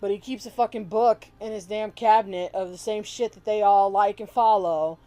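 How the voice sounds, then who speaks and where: A woman's voice: mid-range voice, steady tone, moderate pace, dark tone. A woman vlogger giving heated, profane opinion commentary, bluntly calling out people she disagrees with and mockingly imitating them. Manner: blunt, heated and profane, with sarcastic mimicking of others.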